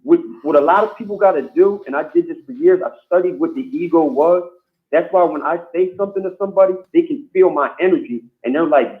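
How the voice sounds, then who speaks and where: A man's voice: on the high side, a little fast. A man calling in to a casual chat, talking in street slang and stammering over his restarts. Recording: tinny phone line.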